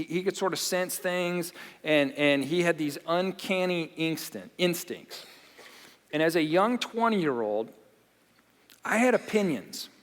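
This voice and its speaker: A man preaching a sermon in a church, animated, often repeating and restarting his phrases. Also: high voice. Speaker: pastor. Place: church auditorium. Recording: long reverb of a large hall.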